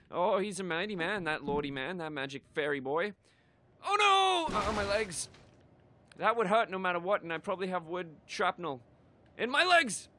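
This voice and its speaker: A man playing a shooter and joking around, goofy and sweary, with sudden shouts. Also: high-pitched, slight background noise. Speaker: let's play gamer. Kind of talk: gaming commentary.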